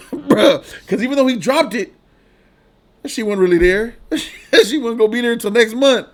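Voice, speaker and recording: Speaking at normal speed in an extremely high-pitched voice, a man hosts a livestream and reads out donations. He chats casually with viewers in loose slang and laughs a lot.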